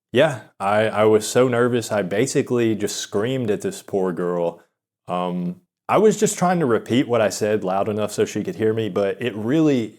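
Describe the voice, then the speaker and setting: A young man telling an awkward personal story in a rambling, halting, self-deprecating way, full of restarts and fillers. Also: on the low side, darkish tone. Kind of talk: confessional storytelling monologue.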